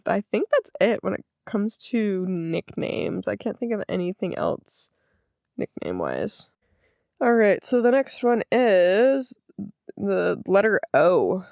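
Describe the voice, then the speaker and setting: A young woman with an American accent hosting a podcast, casually telling a story, laughing often and doing the other people's lines in a higher voice. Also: creaky, a little mellow, dry recording, highs cut off. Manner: giggly, acts out quotes in a higher voice. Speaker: podcast host.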